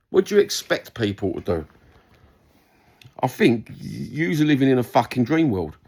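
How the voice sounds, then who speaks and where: A London-accented vlogger replies to a comment with a heated, sweary rant to camera, repeating his points. His voice is mid-range and a little mellow.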